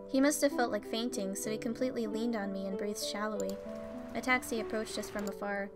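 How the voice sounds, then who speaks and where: A woman's voice: medium pitch, steady tone, brisk. A woman reading a visual novel game aloud, narrating plainly and breaking in with swearing and joking reactions. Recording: faint music behind.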